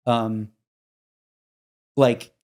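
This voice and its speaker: A middle-aged man hosting a podcast in casual chat, animated and slipping into mock accents and quoted voices. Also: medium pitch, very slow. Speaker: podcast host.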